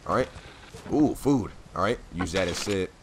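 A man giving casual gameplay commentary, chatty and rambling with many fillers, clearing his throat as his voice keeps cutting out. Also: low-pitched, expressive, normal speed, noisy background. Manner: rambling, chatty, full of fillers and self-corrections.

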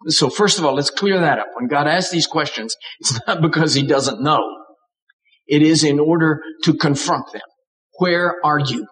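A man's voice: on the high side, moderate pace, a bit bright, low-quality recording. An older man preaching a sermon, with dramatic emphasis and acted-out voices. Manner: dramatic, acts out voices of God and characters.

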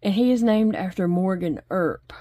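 A woman's voice: medium pitch, moderate pace, warm tone, dry recording, studio quality. A middle-aged woman chatting casually at home while she crochets, rambling along and talking to her pets. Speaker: crochet vlogger. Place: home desk.

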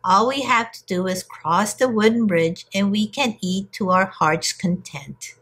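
A woman voicing the biggest, eldest male billy goat who calmly leads his brothers. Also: mid-range voice, unhurried, husky. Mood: confident.

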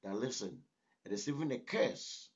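Husky-voiced man preaching with emphasis. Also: medium pitch, lively intonation, normal speed. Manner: emphatic, exhorting, repeats "listen". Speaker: pastor. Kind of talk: sermon. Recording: dull lo-fi recording.

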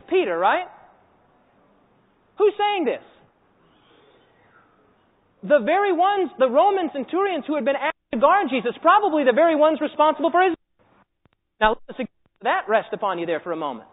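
A man preaching a sermon to a congregation, telling a story with animated energy and quizzing his listeners. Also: extremely high pitch, normal speed, pauses often. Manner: animated storytelling, acts out scenes and quizzes the audience. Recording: echoey hall over a tinny phone-like line.

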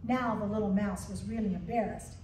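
A woman pastor reading a story aloud to her congregation in a gentle, expressive storybook manner. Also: medium pitch, fairly quick, slight background noise. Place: church sanctuary. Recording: echoey church from a distance.

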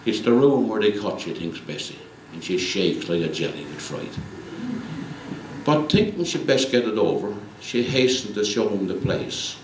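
A man giving a lively comic recitation at a community concert. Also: lowish voice, moderate pace, slight background noise. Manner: lively storytelling. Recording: echoey hall, mic far off.

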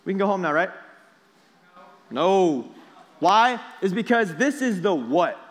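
A young man preaching to a youth group in a casual, energetic way, often checking with the students. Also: high voice, a little slow. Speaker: youth pastor. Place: large hall with students. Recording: echoey hall.

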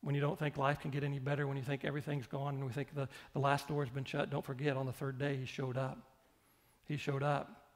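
A man's voice: mid-range voice, level tone, quick pace. A male pastor preaching a sermon, repeating phrases and putting questions straight to the congregation. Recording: long hall reverb.

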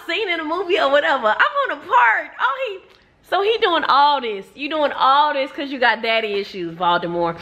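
A woman chatting casually in a reading reaction vlog, exclaiming and cursing as she talks to her viewers. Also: high voice. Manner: animated, profane, exclamatory chatter addressed to viewers. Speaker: book vlogger.

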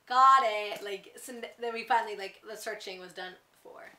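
A teenage girl chatting excitedly about a book to camera, gushing, with lots of "like"s and restarts. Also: medium pitch, brisk. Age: teens. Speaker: book vlogger. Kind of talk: casual book review to camera. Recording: echoey room, somewhat far from mic.

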